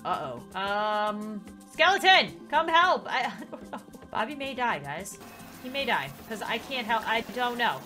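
Excitable young woman gamer, bright voice. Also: fairly high pitch, a little slow, faint music behind. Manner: excitable, reads game text aloud, shrieks and laughs. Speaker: gaming YouTuber. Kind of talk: Let's Play commentary.

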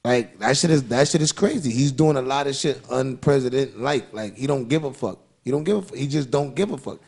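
A man with a gravelly, husky voice argues in loose, heated podcast chat. He talks with animated force and swears freely. He keeps pressing his point over his co-host. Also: medium pitch, a little fast.

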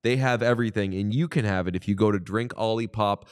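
A man's voice: lowish voice, quick pace, clean tone. A man co-hosting a podcast, chatting casually and jokingly, including a playful ad read. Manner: playful, jokey, animated ad reading. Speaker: podcast co-host.

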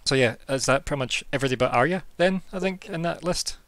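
A man's voice: on the high side, quick pace, a bit bright. Casual rambling man running a game. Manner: casual, rambling, lots of fillers. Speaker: game master. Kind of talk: narrating a tabletop game. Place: home, online voice call.

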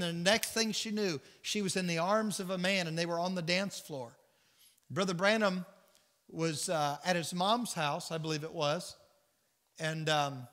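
A man's voice: sits high, fairly bright tone. A man with a Southern US accent leading a Bible study, preaching earnestly and telling stories while acting out the voices in them. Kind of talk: sermon-style Bible teaching with storytelling. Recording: church hall reverb.

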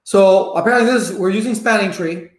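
Guy doing a live networking class, fairly high voice, rambles and repeats stuff, echoey room. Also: brisk. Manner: chatty, repeats himself, greets live chat. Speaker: networking instructor. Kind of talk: live-streamed tech lesson.

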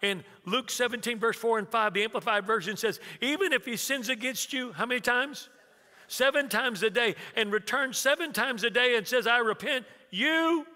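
A man in his sixties preaches with a bright, ringing, high-pitched voice, which carries a long reverb through a church sanctuary. He is a pastor who tells funny family stories and acts out both sides of the conversations. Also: normal speed. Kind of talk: sermon.

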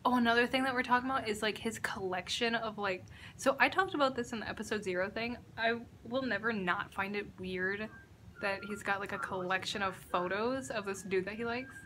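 Gushing young woman with a bright voice. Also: mid-range voice, a little fast, a little hiss or hum. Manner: excitable and gushing, swears freely. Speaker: reaction vlogger. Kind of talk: casual reaction vlog. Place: indoors at a friend's house.

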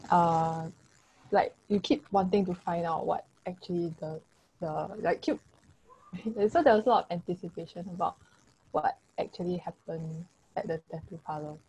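A young woman answers hesitantly on a video call, filling pauses with "like". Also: lowish voice, mellow, slight background noise, low-quality recording. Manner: hesitant, many "like" fillers. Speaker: workshop participant.

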